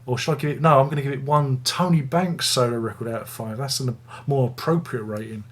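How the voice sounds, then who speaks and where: A man's voice: medium pitch, fairly even intonation, a little fast. A man hosting a casual music review video, rambling and joking at his own expense. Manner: rambling, jokey, self-mocking.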